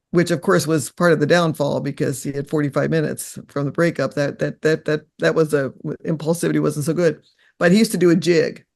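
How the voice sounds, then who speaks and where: An older woman, a guest in an interview, telling personal stories in an earnest, reflective, halting way. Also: low-pitched, gravelly, a little mellow.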